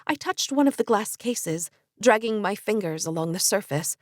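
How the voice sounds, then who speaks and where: A woman narrating a fantasy audiobook in first person, expressive storytelling. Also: medium pitch, moderate pace, dry recording, studio quality.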